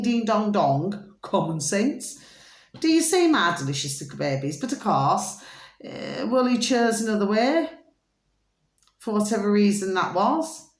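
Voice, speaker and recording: Woman vlogger, lively up-and-down delivery, emphatic, checks in with her listeners, roomy recording. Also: mid-range voice. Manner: emphatic, keeps asking "do you see?". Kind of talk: casual commentary to camera. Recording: roomy echo.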